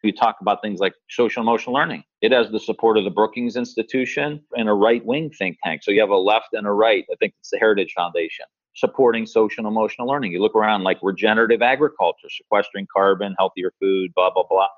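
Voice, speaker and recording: A man's voice: lowish voice, quick pace, no echo, lo-fi sound. A man speaking as a guest politician in an interview, earnest and hopeful, thinking aloud. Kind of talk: interview talk.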